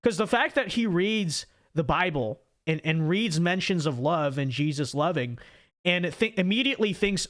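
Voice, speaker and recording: A man's voice: a little high, lively intonation, moderate pace, fairly bright tone. A young man hosting a political commentary livestream, rambling and repeating words as he thinks aloud and reads viewer messages. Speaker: livestream host.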